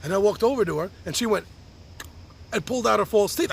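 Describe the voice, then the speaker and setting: A man delivers a personal open-letter monologue in a heartfelt, reflective way. His voice sits fairly high and carries a gravelly fry. His pitch moves widely as he speaks. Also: animated, fast, long pauses, slight background noise. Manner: heartfelt and reflective, with a few repeated restarts. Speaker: podcast host writing to his birth mother.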